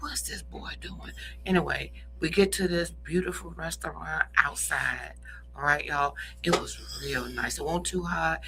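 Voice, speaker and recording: A woman co-hosting a radio talk show, telling stories with lively, animated delivery. Her voice is bright and forward, with faint music in the background. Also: lowish voice, gravelly, poor audio. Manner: animated storyteller, addresses listeners as "y'all". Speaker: co-host. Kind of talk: casual radio chat. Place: radio studio.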